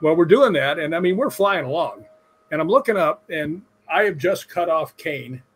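A middle-aged man from Chicago, a stuntman guest, telling animated stories in a casual interview. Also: fairly high pitch, moderate pace, slight background noise. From Chicago, USA. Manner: animated anecdotes with acted-out quotes.

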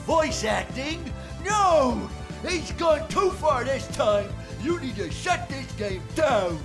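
A squeaky, excitable cartoon fox from a game, high and bouncing all over, as an actor voices him. He speaks slowly and with big swings. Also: over music, heavily acted. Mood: excited. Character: male animatronic fox hero in a game.

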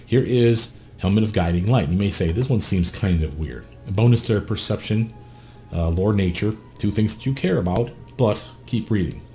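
A man's voice: on the low side, animated, moderate pace, mellow, faint music behind. A man talking casually and bluntly through a game character build, swearing freely and asking the viewer questions. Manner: blunt, profane, conversational. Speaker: gameplay guide host.

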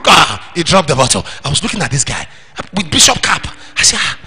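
A man with a Nigerian accent preaching a sermon in church, acting out little scenes and shouting at the high points. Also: lively intonation, fast, breathy edge. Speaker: pastor.

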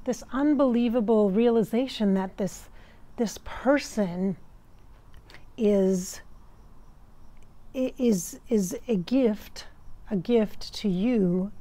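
An American woman working as a spiritual medium, relaying messages in a channeling session in a halting way, searching for words. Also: medium pitch, mellow, no echo. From United States.

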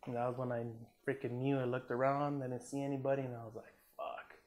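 Talking quickly at a medium pitch, this man recounts a war story from his time as an Army combat veteran; he's from Southern California. The interview is casual, and he stays relaxed and profane, acts out quotes, and leans on "man" and "you know."

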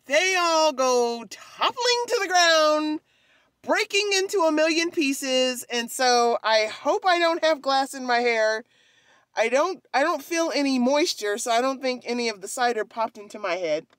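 A woman's voice: high voice, animated, a little slow, fairly bright tone, dry recording. A woman vlogging casually at home, telling a clumsy story in a chatty, self-mocking way with casual swearing.

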